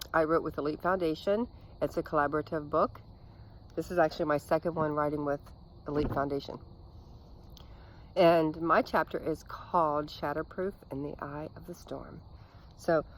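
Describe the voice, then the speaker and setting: A middle-aged woman recording a casual evening video outdoors, reading her own memoir chapter aloud in an earnest, unhurried way, with frequent ums and small restarts. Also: deep voice, a little hiss or hum, low-quality recording. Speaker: author reading from her book.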